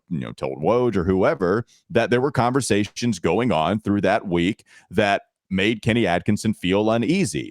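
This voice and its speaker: A man hosts a casual sports podcast in a fairly low voice, needling his co-host with an easy laugh. The sound is dry and close to the mic, with no room around it. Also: darkish tone, no echo. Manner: teasing, quick to laugh.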